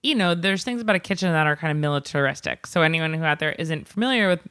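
A woman co-host with a somewhat low voice chats in a relaxed, playful way and laughs easily. She tells kitchen stories with dry wit. The sound is close and dry, with no room around it. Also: fast, clean tone, no echo. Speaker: podcast co-host and chef. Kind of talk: casual chat.

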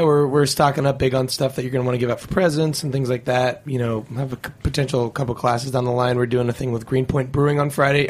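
Fast-talking male beer shop owner. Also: mid-range voice, darkish tone. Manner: loose promotional rundown. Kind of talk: casual radio chat.

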